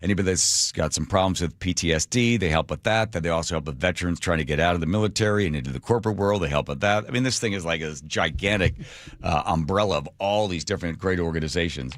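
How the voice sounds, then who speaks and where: A middle-aged man hosting a radio show, telling a story in a casual, animated, self-mocking way. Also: low voice, fast, no echo, clean studio sound. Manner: animated, self-mocking, laughs at his own stories. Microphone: studio microphone.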